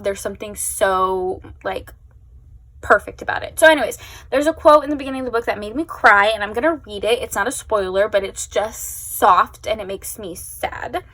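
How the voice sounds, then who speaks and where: A woman's voice: medium pitch, fairly bright tone. A young woman chatting casually at home as a book vlogger, gushing and emotional, with lots of fillers. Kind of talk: casual chat.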